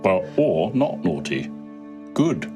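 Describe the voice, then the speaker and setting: A man's voice: low-pitched, sing-song, takes it slowly, music in the background. A man playing a tabletop game, teasing and interrogating the others in character. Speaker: player.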